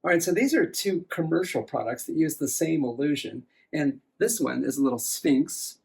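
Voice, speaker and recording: Gravelly, husky man. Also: a little high, expressive, normal speed. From USA. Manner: enthusiastic, upbeat. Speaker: science presenter. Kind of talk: demonstrating science experiments.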